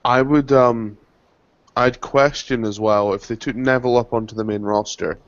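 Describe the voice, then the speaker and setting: A mid-pitched man chats and teases in a joking way. His voice sounds close and dry, but muffled and lo-fi. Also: fairly even intonation, normal speed, no echo. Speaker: podcast co-host. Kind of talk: casual chat. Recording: dry, dull lo-fi audio.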